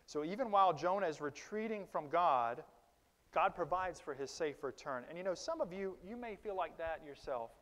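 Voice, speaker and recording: A man preaching a sermon in a conversational, animated way, with sudden loud emphases and quiet asides to the congregation. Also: on the high side. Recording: long reverb of a large hall.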